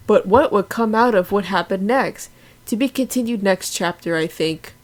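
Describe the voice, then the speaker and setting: Brief: woman reading fanfic aloud, deadpan, mock-serious commentary. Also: mid-range voice, moderate pace.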